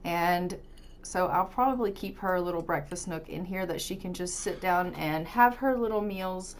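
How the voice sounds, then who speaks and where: A woman's voice: lowish voice, moderate pace, a little hiss or hum. A woman casually commentating her life-simulation gameplay as a let's-play host, chatty and upbeat. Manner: chatty, upbeat, narrates what she does in the game.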